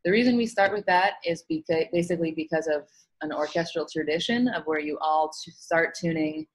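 A woman music teacher giving an online lesson, explaining calmly with frequent "um" fillers. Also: low-pitched, a little fast, rough recording. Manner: relaxed explaining with many fillers.

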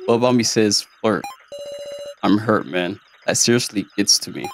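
A man reading the lines of a cheerful teen schoolboy who brags about his girlfriend, in his own low gravelly voice. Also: moderate pace, slight background noise, natural voice. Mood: chatty. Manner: boastful, chatty.

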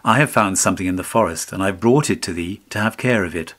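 A man voicing a poor, kind-hearted woodcutter in a storybook reading, speaking gently and earnestly. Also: low-pitched, quick pace. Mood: gentle.

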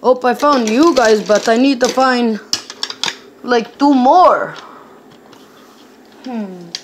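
A woman with a fairly high voice narrates a playful toy-car game at an unhurried pace. She jumps between excited squeals and quiet mumbled asides as she voices the cars. A faint hiss sits under her voice. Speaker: storyteller voicing toy cars.

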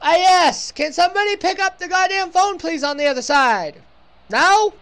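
A mock-posh British caller with a sarcastically courteous air and a high voice, as a woman puts her on. She speaks with theatrical politeness into a phone. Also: lively intonation, normal speed, fairly bright tone, full character voice. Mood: mock polite. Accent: put-on British.

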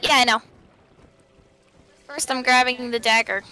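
Bright high-voiced woman gaming. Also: fairly even intonation, measured pace. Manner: playful, teasing banter. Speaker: gamer co-playing online game. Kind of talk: casual gameplay chat.

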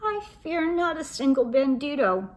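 Scapito, a woman doing a squeaky boastful kitten. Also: expressive, normal speed. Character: brave little male Siamese kitten playing sword fighter.

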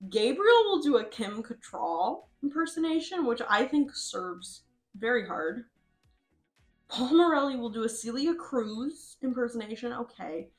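A woman's voice: fairly high pitch, expressive, measured pace, faint music behind. A woman giving casual, chatty commentary over a game, laughing often and swearing freely. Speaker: host.

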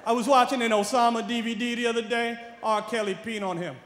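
A man from New York with a New York accent doing a brash, profane stand-up comedy set, swinging from muttering to shouting. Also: very high-pitched, fairly even intonation, quick pace. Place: large comedy venue with a live audience. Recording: echoey hall with crowd noise.

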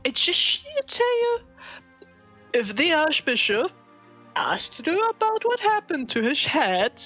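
A woman's voice: high-pitched, wildly swooping pitch, slow pace, bright, forceful tone, highs cut off, soft background music, voice pushed up, full character voice. A woman voicing a drunken noble courtier with a slurred, stretched-out voice. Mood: drunk, apologetic.

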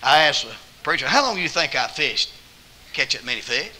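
A man with a Southern accent preaching a sermon as an evangelist, telling folksy stories and quoting people, with bursts of loud emphasis. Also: mid-range voice, sing-song, normal speed, slight background noise, rough recording. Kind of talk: sermon with storytelling. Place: church auditorium.

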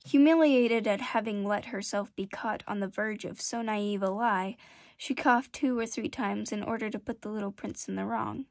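A woman reading a classic children's novel aloud in a gentle, measured storytelling manner. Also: medium pitch, dry recording. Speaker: storybook reader.

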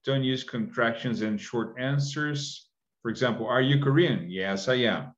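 A man's voice: medium pitch, measured pace. A man teaching a recorded English lesson, chatty and coaxing, asking listeners to repeat words after him, in dull lo-fi audio.

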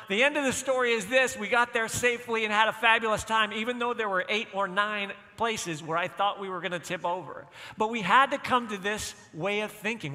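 High, bright-voiced man preaching in a hall. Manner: storytelling, emphatic repetition. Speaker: pastor. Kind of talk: sermon. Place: church.

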